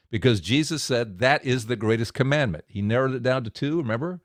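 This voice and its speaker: A man giving a devotional message for men, storytelling with lively acted-out quotes. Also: mid-range voice, brisk, dry recording, studio quality. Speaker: speaker of a men's devotional.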